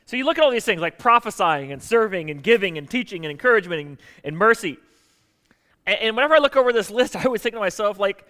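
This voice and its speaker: A man preaching a sermon as pastor, animated and joking with the congregation in a church sanctuary. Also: high voice, quick pace, big-room sound.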